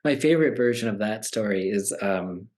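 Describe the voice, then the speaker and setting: A man's voice: on the low side, expressive, moderate pace, darkish tone. A man in his forties, a meditation teacher, talking casually and animatedly, acting out the voices of people he quotes. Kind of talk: conversational talk.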